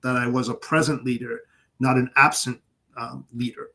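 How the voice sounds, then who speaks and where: A man's voice: mid-range voice, fairly even intonation, normal speed, vocal fry, bright, forceful tone. A man in casual podcast chat, earnest and speaking in short statements. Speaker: podcast co-host.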